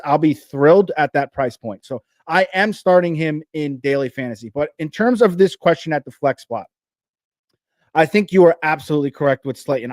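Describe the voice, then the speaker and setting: A man with a New Jersey accent hosting a live fantasy football show, talking fast and energetically with frequent restarts. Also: fairly high pitch, no echo, clean studio sound.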